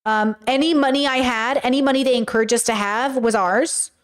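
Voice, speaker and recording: Brief: young woman livestream host, high voice, blunt, animated chatty delivery. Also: a little fast, smooth. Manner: animated, blunt, talks straight to viewers. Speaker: livestream host reading chat. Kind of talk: casual chat. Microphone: webcam or desk mic on a livestream.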